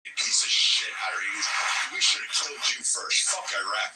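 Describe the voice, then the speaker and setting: A man's voice: on the low side, normal speed, sharp tone, in a whisper. A man hosting a livestream, delivering a furious, taunting, profane rant at callers. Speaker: livestream host. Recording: roomy echo from far off the mic.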